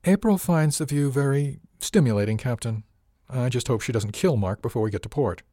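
A man voicing a composed, wealthy young woman in an audiobook, calm and matter-of-fact. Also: mid-range voice, a little fast, no room sound, studio quality, voice pushed up, close to an everyday voice.

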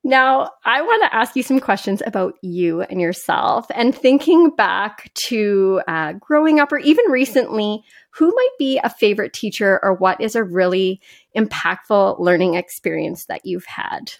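A woman's voice: mid-range voice, lively intonation, moderate pace, vocal fry. A woman hosting an interview podcast, posing friendly, easygoing questions and offering small acknowledgements. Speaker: podcast host. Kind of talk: conversational interviewing.

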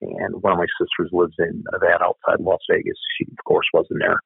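Blunt older guy, deep raspy voice, sounds like a dry phone call. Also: little pitch movement, moderate pace, no room sound. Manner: blunt, profane. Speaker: retired police officer. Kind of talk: storytelling interview. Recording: tinny phone-like line.

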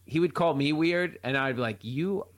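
A male comedian guesting on a podcast, an animated storyteller in casual chat. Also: a little high, a little fast, heavy background noise.

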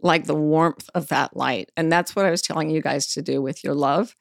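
A woman's voice: low voice, steady tone, normal speed, vocal fry, no room sound, studio quality. A middle-aged woman, an interview guest, telling personal stories candidly and frankly, now and then swearing. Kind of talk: personal storytelling in conversation.

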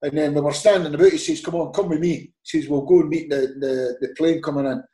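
This podcast guest, a former footballer with a Scottish accent, tells lively anecdotes in a casual conversation, often laughing and voicing the dialogue himself. His voice is a little high and quick, with a roomy sound.

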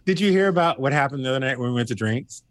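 A man co-hosting a casual chat, telling stories with lively, sassy energy and jumping into high voices to mimic friends. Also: racing. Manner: animated storyteller, high mocking impressions of friends. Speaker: podcast co-host.

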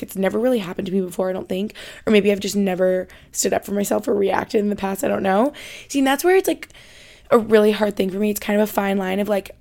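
A woman's voice: mid-range voice, gravelly, a little mellow. A young woman hosting a podcast, telling a story in a chatty, rambling way and often correcting herself mid-sentence. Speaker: podcast host. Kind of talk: casual storytelling monologue.

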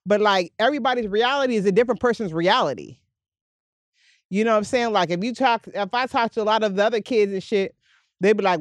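A young adult woman from hosting an interview, telling a story in a casual, profane, animated way. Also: mid-range voice, fast talker, dry recording. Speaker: podcast host.

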